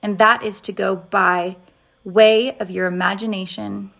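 A woman voicing a wise, patient older male professor who speaks slowly and distinctly in a storybook reading. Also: fairly high pitch, lively intonation, a bit bright. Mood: earnest. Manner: slow, distinct and earnest.

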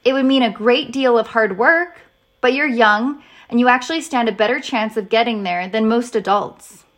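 A woman's voice: on the high side, a bit bright, lightly acted. Woman reading as a patient, wise old professor. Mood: earnest. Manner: slow, distinct and earnest.

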